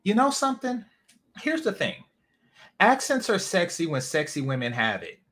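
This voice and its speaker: A man's voice: high voice, wildly swooping pitch, normal speed, a bit bright. A man from California hosting a casual livestream, ranting bluntly with lots of profanity and rambling asides. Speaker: host.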